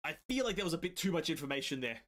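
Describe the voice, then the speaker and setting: A man who makes gaming videos, casually reading a comic aloud. He is excitable, swears freely and mumbles through hard names. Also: fairly high pitch, very fast.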